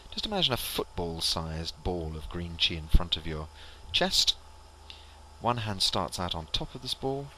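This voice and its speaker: A man leading a qigong exercise class, calmly cueing each movement and breath step by step. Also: sits low, a little hiss or hum. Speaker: qigong instructor. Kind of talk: guided exercise instruction.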